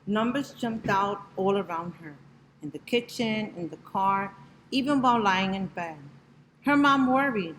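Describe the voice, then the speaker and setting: A woman reading a rhyming picture book aloud in a gentle, rhythmic way. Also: medium pitch, animated, measured pace, a little hiss or hum, low-quality recording. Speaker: storybook reader.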